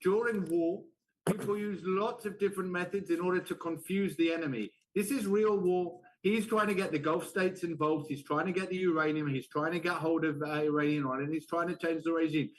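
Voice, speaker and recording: A man's voice: high-pitched, brisk, poor audio. A man arguing as a panelist in a heated televised debate, insistent and defensive, with some hesitant restarts.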